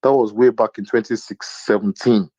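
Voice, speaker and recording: A man from Nigeria tells a personal story in relaxed conversation, leaning on "you know" and acting out the voices of the people in it. The sound is dull and lo-fi, with a dry, close feel. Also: on the low side, normal speed, no echo. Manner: animated anecdote-telling with many fillers and acted quotes. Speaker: podcast co-host. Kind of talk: casual storytelling chat.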